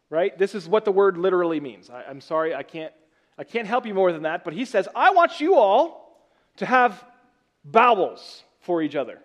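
A man preaching a sermon as pastor, teaching from scripture with casual joking asides to the congregation. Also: sits high.

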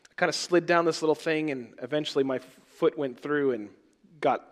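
A man preaching a sermon as pastor, swinging between loud emphatic phrases and soft, trailing words. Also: on the high side, brisk.

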